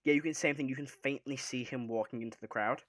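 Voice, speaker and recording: A man narrating as dungeon master of a tabletop game, halting and relaxed, with many fillers. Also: mid-range voice, no echo, clean studio sound.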